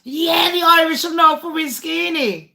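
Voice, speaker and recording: A woman's voice: very high voice, normal speed, gravelly, bright, forceful tone. A woman hosting a casual livestream game with her viewers, blunt and foul-mouthed. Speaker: livestream host.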